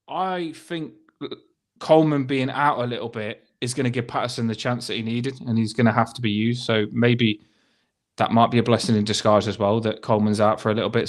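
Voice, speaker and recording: A man hosting a casual fan podcast, laughing and teasing his co-host. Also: medium pitch.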